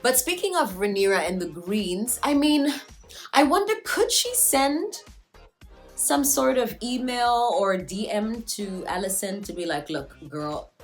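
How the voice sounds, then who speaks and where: A woman's voice: fairly high pitch, lively intonation, measured pace, faint music behind. A woman recapping a TV episode in a casual vlog, joking and slangy. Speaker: TV show reviewer.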